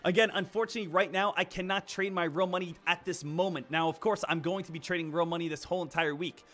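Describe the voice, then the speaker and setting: A man's voice: high-pitched, fairly even intonation, fast talker, fairly bright tone. A man streaming about stock trading, lecturing emphatically and repeating phrases for effect. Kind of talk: live-stream motivational talk.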